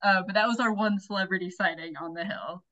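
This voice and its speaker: A young woman, a flight instructor, chatting as a podcast guest in a bubbly, animated way. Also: mid-range voice, fairly quick. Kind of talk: casual interview chat. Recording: dull lo-fi audio.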